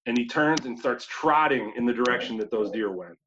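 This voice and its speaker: A man from New York State, a guest telling a hunting story in a casual, animated way, acting out his own thoughts. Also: medium pitch, brisk, crowd noise. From New York State, USA. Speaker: guest hunter. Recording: slightly dull lo-fi audio.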